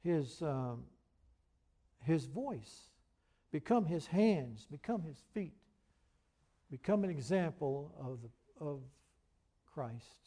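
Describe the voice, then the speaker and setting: A man preaching a sermon, earnest and emphatic, who reads scripture aloud in a measured cadence. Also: fairly high pitch, animated, warm tone, breathy edge. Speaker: pastor.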